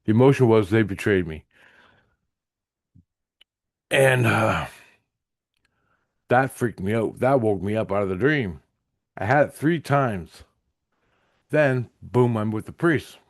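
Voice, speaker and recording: A man with a somewhat low voice recounts a spiritual vision to camera. He rambles, restarts and swears, growing excitable as he goes. The sound is close and dry, with no room echo. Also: slow, long pauses. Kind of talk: casual storytelling to camera.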